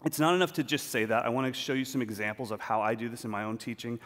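Animated man telling stories on stage. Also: medium pitch, fast. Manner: animated, acts out scenes. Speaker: speaker at a talk. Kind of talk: storytelling public talk. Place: large auditorium stage. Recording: long reverb of a large hall.

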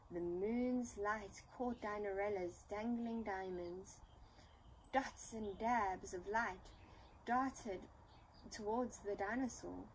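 A woman reading a children's storybook aloud in an unhurried, expressive manner. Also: mid-range voice, a little hiss or hum, rough recording. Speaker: storybook reader.

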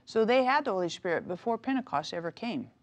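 A middle-aged woman, an author and minister, chatting as a talk-show guest, telling stories with animated energy and frequent laughter. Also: mid-range voice, fast talker. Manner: animated storytelling, laughs often. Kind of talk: casual talk-show interview.

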